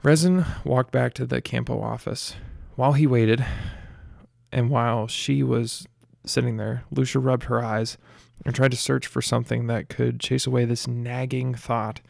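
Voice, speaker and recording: Male narrator, steady plain reading, very gravelly, dry close sound. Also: mid-range voice, a little slow, no room sound. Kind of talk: audiobook narration.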